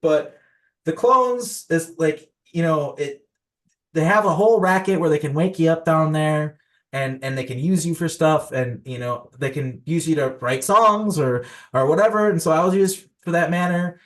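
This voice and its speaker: Young male podcast guest, rambling storyteller, slightly higher pitch, loose casual delivery. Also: normal speed. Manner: rambling, filler-heavy, many restarts.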